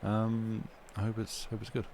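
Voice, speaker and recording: A man's voice: on the low side, monotone, normal speed, a little mellow, a little hiss or hum. A man hosting a live stream, chatting casually with his viewers in a rambling, self-interrupting way, at home. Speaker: livestream host reading stories aloud.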